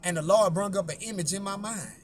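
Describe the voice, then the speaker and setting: A man's voice: high voice, fast, a little hiss or hum. A man hosting his own channel, telling a long story in a blunt, profane way and often repeating himself. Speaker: YouTube host.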